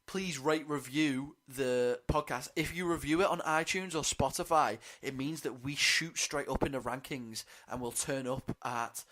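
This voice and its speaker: A man co-hosting a climbing podcast, chatting in a relaxed, slangy way. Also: medium pitch, a little slow, hardly any pauses. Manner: laid-back, chatty, slangy. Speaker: podcast co-host. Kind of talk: casual podcast chat.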